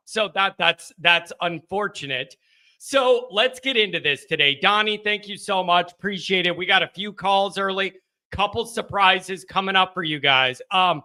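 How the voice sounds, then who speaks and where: A man's voice: high-pitched, moderate pace, sharp tone. A man hosting a live sports call-in stream, chatting casually from a home studio, rambling and joking with his chat viewers.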